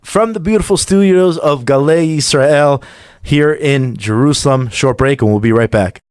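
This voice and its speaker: A man's voice: fairly high pitch, normal speed, clear, resonant tone. A man hosting a radio podcast in a studio, talking conversationally with frequent restarts. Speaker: podcast host. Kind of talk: radio talk show hosting.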